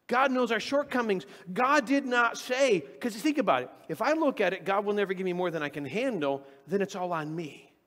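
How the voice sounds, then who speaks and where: A man's voice: sits high, expressive, moderate pace, few pauses, a bit bright. A middle-aged man preaching a sermon as pastor, talking conversationally and acting out the voices he quotes. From California. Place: church sanctuary. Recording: long church reverb.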